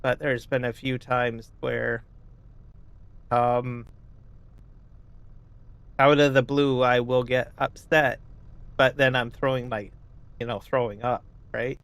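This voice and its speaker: A man streaming a farming game, chatting casually and rambling, often asking "right?" and clearing his throat. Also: medium pitch, fairly even intonation, slow pace, pauses often, a bit bright, no room sound. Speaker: gaming streamer. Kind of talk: casual live-stream chat.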